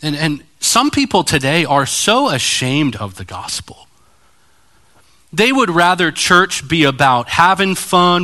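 A man's voice: fairly high pitch, normal speed. A man preaching a sermon as pastor, direct and challenging, acting out voices as he tells stories. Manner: animated storytelling, acting out voices.

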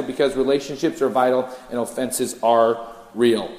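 A man preaching a sermon, his delivery swinging between hushed intensity and loud, lively storytelling. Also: mid-range voice, moderate pace. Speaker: pastor. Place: church sanctuary. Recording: echoey church hall.

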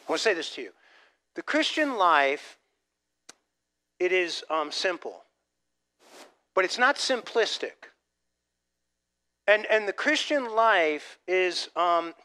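A man preaching a sermon as pastor, animated, dropping from loud emphasis to soft asides and restarting phrases. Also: sits high. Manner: repeats words as he restarts phrases.

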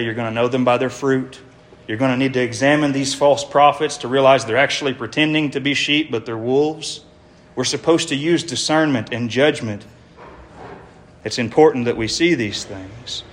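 A man's voice: mid-range voice, a bit bright. A man preaching an evangelistic sermon to a congregation in an earnest, emphatic way, with many rhetorical questions.

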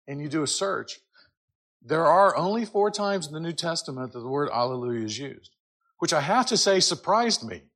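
A man teaching a church class in a conversational way, often checking in with "right?", and reading scripture aloud with loud, drawn-out emphasis. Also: fairly high pitch. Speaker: Sunday school teacher.

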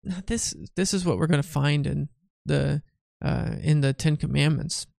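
A man's voice: a little high, normal speed, vocal fry, darkish tone, no echo, clean studio sound. A tired, yawning man teaching a Bible study in a chatty way, often asking "right?" and restarting his phrases.

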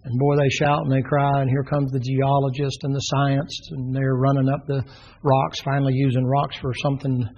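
A man's voice: medium pitch, level tone, moderate pace, a little mellow. A man preaching a sermon, telling the story with drama and acting out the characters' voices. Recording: dull lo-fi sermon recording.

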